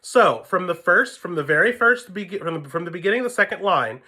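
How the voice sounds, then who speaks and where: A man's voice: high voice, animated, brisk, bright, forceful tone. A man giving a patient music lesson, counting beats aloud and explaining notes to his students. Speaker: string teacher. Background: violin playing.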